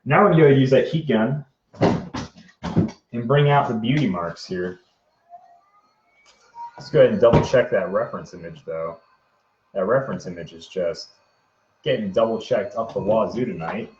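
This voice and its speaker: A man hosting a prop-making livestream, chatting casually in a low-key, self-described monotone as he works. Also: normal speed, long pauses, a little hiss or hum. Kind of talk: casual livestream chat while crafting. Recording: roomy, dull lo-fi sound.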